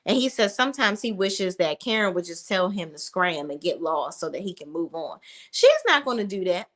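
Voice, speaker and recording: A woman's voice: on the low side, lively intonation, normal speed. A woman hosting a casual TV recap vlog, blunt, profane and opinionated, acting out the characters' lines. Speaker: reality TV recap host.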